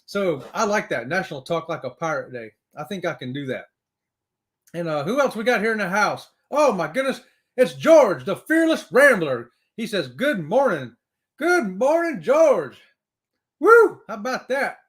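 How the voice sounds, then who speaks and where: Brief: upbeat male stream host reading chat aloud, high voice, whooping greetings. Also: sing-song, moderate pace.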